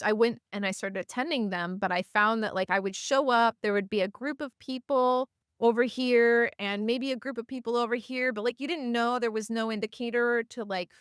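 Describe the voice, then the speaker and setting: Woman, podcast guest, smooth clear voice, dry close sound, animated storyteller. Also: fairly high pitch, no room sound. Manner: animated, acts out voices of people in her stories; chatty with many fillers. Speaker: podcast guest, community organizer. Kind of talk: casual storytelling in conversation.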